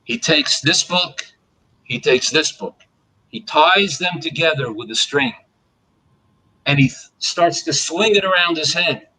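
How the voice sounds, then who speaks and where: A man with a fairly high, breathy-edged voice tells a traditional folk tale at an unhurried pace on a live online panel, and the audio is poor. He animates the story by acting out the characters, then closes with a blessing.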